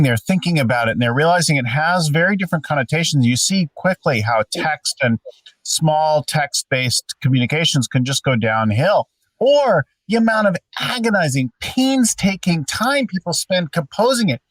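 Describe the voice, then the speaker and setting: A man telling workplace examples in a lively conversational way and asking the group questions. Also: fairly high pitch, moderate pace, no room sound, far from the mic, rough recording. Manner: animated storyteller, asks questions. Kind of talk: conversational leadership talk.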